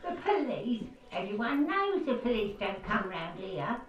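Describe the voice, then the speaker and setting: A woman's voice: a little high, big pitch swings, measured pace, reverberant, recorded from a distance, highs cut off, background noise. An actress voicing a hostile elderly woman who scolds strangers from behind a locked door. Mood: scolding. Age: older. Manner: scolding, shouting through a door.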